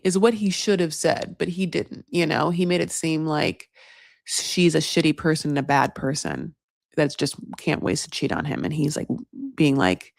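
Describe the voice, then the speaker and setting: A woman hosting a casual reality-show recap, gossipy and animated, acting out what the cast says. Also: low voice, normal speed, creaky, no echo, studio quality. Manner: gossipy, animated, acts out the cast's lines.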